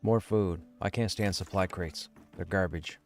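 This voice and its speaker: A man's voice: low-pitched, fairly even intonation, a little slow, faint music behind. A man live-streaming a game, chatting casually and joking with his viewers. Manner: chatty, joking, self-deprecating. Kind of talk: casual live-stream chat while gaming.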